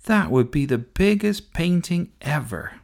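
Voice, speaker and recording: A man's voice: a little high, very animated, measured pace, gravelly, pitched above the performer's own voice, exaggerated voice. A man voicing a curious, eager little boy in a storybook reading, asking wondering questions.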